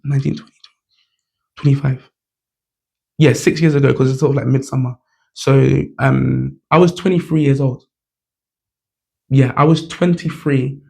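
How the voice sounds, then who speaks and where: A man's voice: medium pitch, gravelly, dark tone. A man, telling a personal story to camera in a casual, chatty way, full of "like" and "you know". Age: 20s. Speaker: vlogger.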